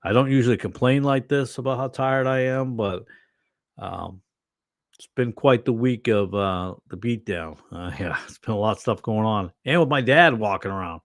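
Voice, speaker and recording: A tired middle-aged pastor chatting casually on a livestream, rambling with many fillers and restarts. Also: male voice, fairly low pitch, normal speed, no echo, clean studio sound.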